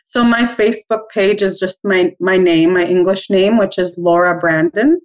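Interviewed about her ribbon skirt making, a middle-aged woman from Canada responds calmly and thoughtfully, at a measured pace. She has a mid-range voice, heard through poor audio.

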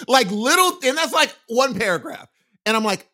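A man chatting casually, recommending a book in a rambling, animated storytelling way with many restarts. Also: extremely high pitch, moderate pace. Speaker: guest sharing a book recommendation. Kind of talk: casual chat. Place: from California.

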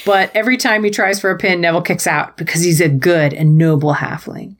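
A woman's voice: on the low side, steady tone, a little fast. A woman co-hosting a podcast, recapping wrestling matches in a playful, jokey way with goofy quoted voices. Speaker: podcast co-host. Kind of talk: casual wrestling recap chat.

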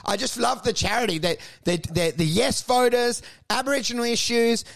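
A man's voice: very high-pitched, steady tone, moderate pace, vocal fry. A young man, a stand-up comedian co-hosting a podcast, telling crude stories full of swearing and mocking voices. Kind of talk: casual comedic chat.

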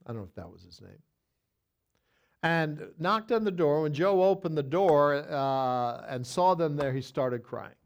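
A man's voice: on the high side, animated, unhurried. Man teaching Bible study in folksy style. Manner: conversational, with frequent restarts and repeated words.

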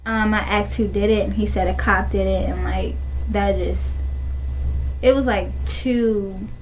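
Young woman, flat delivery, casual filler-heavy speech, faint background noise. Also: medium pitch, unhurried, poor audio. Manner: casual, heavy use of like, emotional retelling. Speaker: interviewee, victim's partner. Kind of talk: recounting interview.

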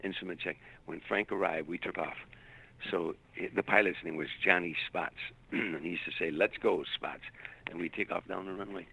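A man's voice: low voice, steady tone, a little fast, vocal fry, pushed and bright, a little hiss or hum, rough recording. An older man, a stand-up comedian, telling long anecdotes in an interview, repeating words as he searches for them. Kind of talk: storytelling interview.

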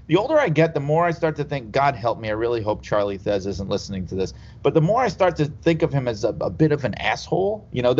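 A man telling stories in a casual chat, rambling and laughing as he goes. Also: medium pitch. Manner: rambling, laughs through anecdotes. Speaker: podcast guest. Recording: slightly dull lo-fi sound.

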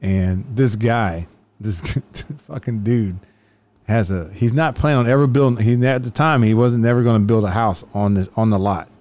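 A man's voice: fairly low pitch, moderate pace, a little mellow. A man, a police officer telling profane stories in casual chat, laughing as he goes. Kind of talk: casual podcast storytelling.

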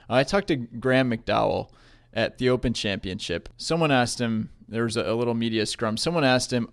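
A man's voice: medium pitch, moderate pace, no room sound, clean studio sound. A man hosting a golf podcast, chatting casually and retelling stories. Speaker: golf podcast host and reporter.

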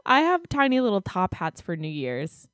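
A woman's voice: medium pitch, wildly swooping pitch, moderate pace, no room sound, studio quality. A woman co-hosting a podcast in casual chat, talkative and self-mocking. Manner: chatty, self-mocking, giggly. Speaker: podcast co-host.

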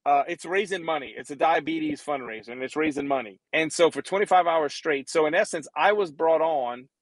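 A man's voice: fairly high pitch, brisk, no room sound, rough recording. Laughing, storytelling man, dry close sound. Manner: storytelling, laughing easily, stammering restarts. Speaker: podcast co-host, former football player. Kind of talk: casual chat.

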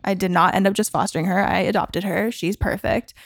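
A woman's voice: mid-range voice, fairly even intonation, creaky, no echo. A young woman, a songwriter guest, chatting casually and laughing often on a podcast. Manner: bubbly, giggly, quick to laugh.

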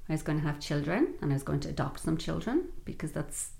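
A woman with a very low, gravelly voice, speaking as a podcast guest. She tells her own story in a calm, reflective way. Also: fast talker. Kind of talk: personal story in an interview.

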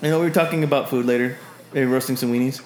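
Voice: mid-range voice, fairly even intonation, racing, very noisy, natural voice. Man voicing a smug grinning adventurer, sarcastic asides, roomy sound. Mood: teasing. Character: cocky grinning male adventurer. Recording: roomy echo.

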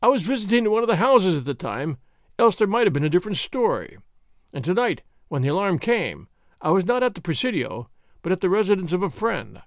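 A man's voice: sits high, big pitch swings, a little fast, dry recording, studio quality. A man voicing an arrogant army captain who speaks in a formal, self-assured, boasting way. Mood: boastful.

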